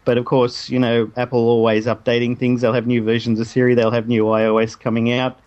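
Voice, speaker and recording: A man's voice: mid-range voice, monotone, fairly quick, a little mellow, muffled recording. A man, co-hosting a casual tech chat, rambling with plenty of fillers. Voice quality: rambling, hesitant, lots of fillers. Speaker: tech podcast co-host.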